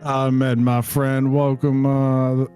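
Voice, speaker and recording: Man as a friendly dwarf blacksmith, hearty, folksy, mellow tone. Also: medium pitch, monotone, extremely slow, clean tone, faint music behind. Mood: welcoming. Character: friendly male mountain dwarf smith.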